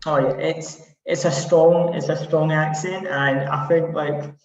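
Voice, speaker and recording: A man from Scotland with a Glaswegian accent, interviewing a guest and asking questions in a friendly, measured way. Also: a little high, little pitch movement, a little hiss or hum. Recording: very echoey, dull distant sound.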